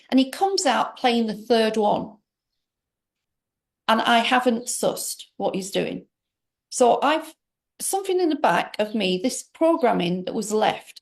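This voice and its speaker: Gravelly woman telling a personal story. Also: a little high, a little mellow. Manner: rambling, emphatic, with many restarts. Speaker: interview guest. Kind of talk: personal story told in conversation.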